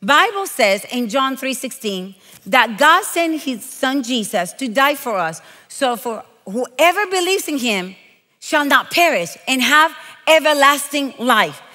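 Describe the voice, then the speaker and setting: A woman from Puerto Rico giving a lively, playful sermon full of stories and emphatic points. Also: high voice, long reverb tail. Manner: animated, playful, emphatic preaching with quoted asides. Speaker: guest preacher.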